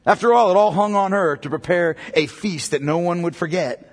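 High, lively-voiced man preaching in an echoing hall. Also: moderate pace. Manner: emphatic, repetitive preaching with rhetorical questions. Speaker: pastor. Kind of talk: sermon.

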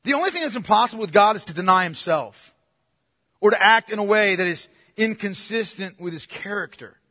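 A man preaches with emphasis and keeps putting rhetorical questions to his congregation. His voice sits very high and rings bright. It carries a long reverb, like a large sanctuary. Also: expressive, brisk. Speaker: pastor. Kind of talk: sermon.

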